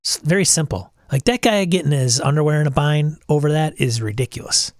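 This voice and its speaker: A man's voice: a little high, a little fast, dry recording. Middle-aged male host, casual and blunt, exasperated rants, dry close sound. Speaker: podcast host. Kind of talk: casual livestream talk.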